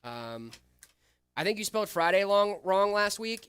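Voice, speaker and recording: A man's voice: high-pitched, big pitch swings, measured pace, a bit bright, clean tone. A young man co-hosting a casual live stream, joking and answering viewer chat. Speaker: stream co-host.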